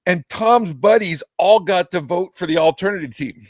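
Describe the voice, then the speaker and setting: A man's voice: high-pitched, normal speed, no room sound. A man talking sports as a guest, chatty and telling stories casually. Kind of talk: casual chat.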